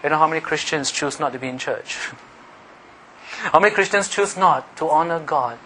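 A man preaching a sermon, animated, teasing the congregation with questions and laughing. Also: a little high, moderate pace, slight background noise, poor audio. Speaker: pastor.

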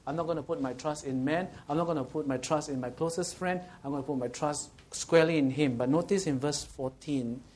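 Animated preacher, slightly high voice. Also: male voice, slightly rough. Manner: anecdotal, animated preaching with laughter and rhetorical questions. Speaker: pastor. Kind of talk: sermon.

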